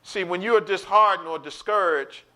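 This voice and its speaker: A high-voiced man gives an online Bible study sermon. His voice is bright and forceful, and he preaches with animation, acting out quotes and calling out to his listeners. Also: moderate pace.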